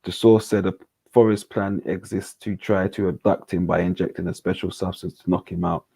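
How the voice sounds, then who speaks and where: Guy reading news out loud, super deep and a bit raspy, trips on names. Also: steady tone, moderate pace, no room sound. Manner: stumbles on names, jokey asides. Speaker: panel host. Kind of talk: casual reading of news aloud.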